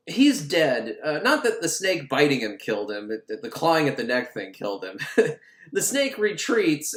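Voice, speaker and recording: Sarcastic, profane male film recapper, lively pitch, echoey room. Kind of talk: casual comedic film recap.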